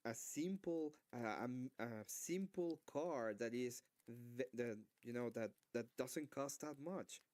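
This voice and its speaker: A man's voice: medium pitch, a little slow, few pauses, a little mellow, no echo. Hesitant young man explaining. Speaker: voice chat participant. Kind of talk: casual chat in a voice chat.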